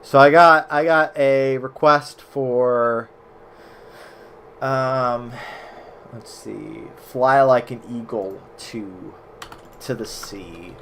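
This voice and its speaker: A young man streams old browser games from his home setup, talking to chat in loose, profane banter. He keeps a mid-range voice and drops jokes between sudden loud yells. A faint hum sits behind him. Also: medium pitch, drawn-out words, creaky, long pauses. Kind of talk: casual gameplay commentary.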